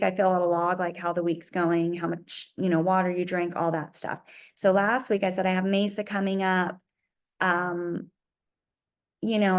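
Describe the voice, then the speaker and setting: Chatty woman with a lowish voice. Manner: chatty, animated storytelling with many fillers. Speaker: running vlogger. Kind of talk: casual chat to camera.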